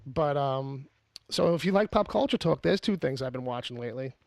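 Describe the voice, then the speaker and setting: Gravelly-voiced man hosting a podcast. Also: mid-range voice, animated, a little fast, darkish tone, dry recording, studio quality. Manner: rambling, joking, with frequent fillers and restarts. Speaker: podcast host. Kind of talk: casual podcast chat.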